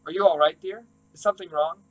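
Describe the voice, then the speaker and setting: A man voicing a gentle, churchgoing older mother who speaks tenderly and reassures her daughter. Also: high voice, fast talker, close to an everyday voice, low-quality recording.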